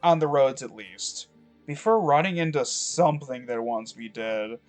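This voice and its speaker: A man's voice: medium pitch, a little slow, faint music behind. A man from Michigan giving casual, rambling let's-play commentary from his rural home, cursing freely and drifting between topics. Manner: rambling, profane, digressive. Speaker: gameplay commentator.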